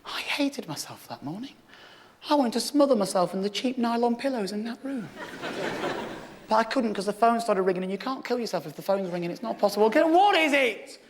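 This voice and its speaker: A British man in his thirties doing live stand-up. He tells a story loudly and with lots of swearing, then drops to a quiet, confessional tone. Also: high voice, a little fast. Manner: loud, ranting and sweary, swinging to quiet confessional. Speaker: stand-up comedian. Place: theatre stage before a live audience. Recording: reverberant hall with audience noise.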